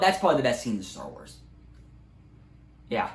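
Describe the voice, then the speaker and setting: A man's voice: mid-range voice, wildly swooping pitch, normal speed. A young man in a casual movie review, rambling with many ums and likes. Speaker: video creator. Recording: echoey room, faint ambient noise.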